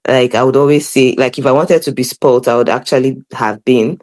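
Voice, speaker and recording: Lively young woman telling stories. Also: very deep voice, fairly quick. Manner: lively, laughing, animated storyteller. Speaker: podcast guest. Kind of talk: casual storytelling chat.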